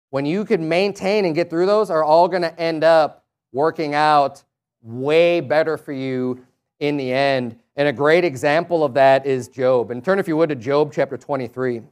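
A man's voice: a little high, measured pace, darkish tone. Man preaching an emphatic sermon. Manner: emphatic, rising to raised preaching and reading scripture aloud.

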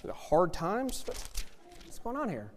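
A man preaching a fiery sermon, emphatic and repetitive, building to loud outbursts. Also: high-pitched, huge pitch swings, slow, in a large hall, slight background noise. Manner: emphatic, repetitive, rising to shouts.

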